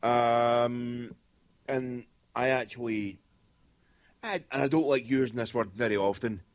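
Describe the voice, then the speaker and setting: A man's voice: medium pitch, measured pace, lo-fi sound. A Scottish man speaking as a guest medium in a casual interview, blunt and straightforward, rambling with lots of fillers. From Scotland.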